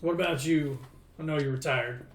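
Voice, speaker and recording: A man's voice: fairly high pitch, moderate pace, gravelly, roomy sound. A man running a tabletop game as game master, easygoing, with lots of fillers and laughs.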